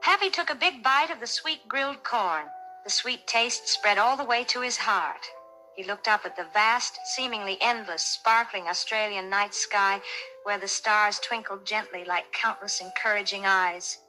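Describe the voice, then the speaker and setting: A woman narrating a children's bedtime story in a soft, soothing way. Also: mid-range voice, unhurried, low-quality recording. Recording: narration over soft music.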